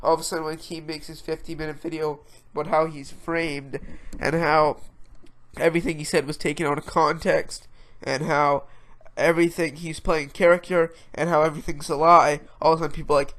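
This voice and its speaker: A man's voice: a little high, level tone, brisk, fairly bright tone. A man with a stuffed-up nose hosting a podcast, ranting in an exasperated, rambling way about online drama. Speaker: podcast host. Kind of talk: casual ranting commentary.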